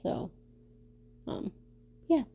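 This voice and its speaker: A woman vlogging casually for her viewers, talking fast and stumbling over her words, with lots of fillers and restarts. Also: muffled recording. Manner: fast talker who stumbles and stutters; many fillers and restarts, animated storytelling. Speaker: vlogger answering viewer questions. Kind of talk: casual rambling chat.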